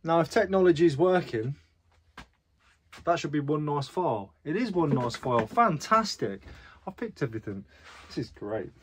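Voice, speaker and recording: A man's voice: on the high side, animated, normal speed, slightly rough. A chatty man talking straight to his viewers in a casual vlog, poking fun at himself as he goes. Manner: chatty, self-deprecating, talks to viewers directly. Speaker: reseller vlogger.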